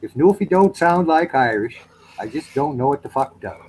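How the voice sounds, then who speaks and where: A man's voice: a little high, expressive, darkish tone, slight background noise, rough recording. A man from Canada in a rambling, casual chat, swearing and teasing as he talks. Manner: rambling, swearing, quick to tease. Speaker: chat participant.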